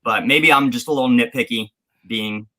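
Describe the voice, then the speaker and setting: A man's voice: mid-range voice, moderate pace, sharp tone, poor audio. A man from the United States co-hosting a podcast in casual chat, rambling with many restarts and fillers. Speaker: podcast co-host.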